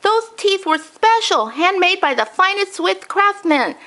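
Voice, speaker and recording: A woman reading a storybook aloud, voicing a fussy, distraught old grandfather with a high, wailing, indignant voice. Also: big pitch swings, a little slow, sharp tone, full character voice.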